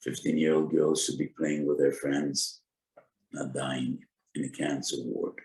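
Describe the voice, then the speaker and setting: Rabbi lecturing on Jewish law: deep gravelly male voice, slow deliberate delivery, echoey room. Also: level tone, darkish tone. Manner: deliberate, cites sources with Hebrew terms. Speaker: rabbi giving a Torah lecture.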